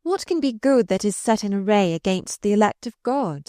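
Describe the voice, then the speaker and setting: A woman's voice: mid-range voice, lively intonation, normal speed, mellow, no room sound, studio quality, pitched above the performer's own voice, close to an everyday voice. A woman reading aloud voices a pious, spirited young noblewoman who pleads with fervent conviction.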